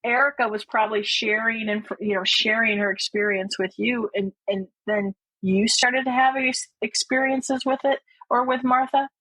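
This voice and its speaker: A woman hosting an interview, asking guests to take her through their experiences in halting questions. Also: on the high side, steady tone, pushed and bright, slightly rough, no room sound, low-quality recording. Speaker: host.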